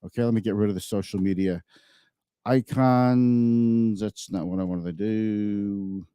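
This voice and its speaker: A man's voice: fairly low pitch, steady tone, a little slow, dark tone, clean tone, no echo. A man hosting a finance show, giving casual market commentary in a chatty, thinking-aloud way and often correcting himself mid-sentence.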